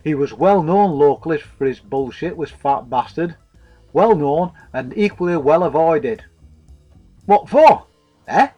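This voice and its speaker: A man's voice: fairly high pitch, animated, a little slow, dark tone, muffled recording, soft background music. A man narrating a comic story in a wry, profane way.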